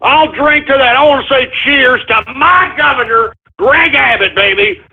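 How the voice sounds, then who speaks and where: Man voicing a Texan radio blowhard, foul-mouthed, stumbling rant, raspy high voice, tinny lo-fi sound. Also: moderate pace, full character voice. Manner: ranting, cursing, stumbling over words, drunk-sounding bravado. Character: blustering, foul-mouthed middle-aged male Texan radio host. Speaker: talk radio host. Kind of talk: parody talk radio rant.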